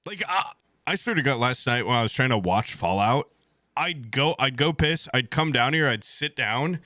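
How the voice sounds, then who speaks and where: A man's voice: mid-range voice, expressive, normal speed, sharp tone, dry recording. A young man in his twenties telling a rambling, crude story to his stream chat at home, swearing bluntly as he goes.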